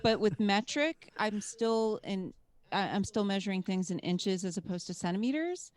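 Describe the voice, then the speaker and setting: A woman's voice: mid-range voice, lively intonation, normal speed, darkish tone. Wry American-born woman guest, casual. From United States. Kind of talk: casual chat.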